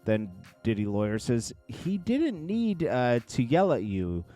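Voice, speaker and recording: A man reading court testimony aloud in a casual commentary style, in a low murmur broken by quick reactions. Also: wildly swooping pitch, faint music behind. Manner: reads quotes in a low murmur, then reacts loudly with laughs.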